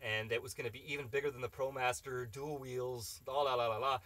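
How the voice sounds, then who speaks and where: A man's voice: medium pitch, steady tone, a little fast, a bit bright, no echo. A man hosting a live stream, reading chat questions and rambling through opinionated casual answers.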